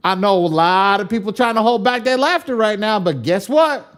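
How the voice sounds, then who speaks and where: A man's voice: high voice, animated, moderate pace, a bit bright. A man leading a live online training class on credit repair, emphatic, repeating his points and swearing casually.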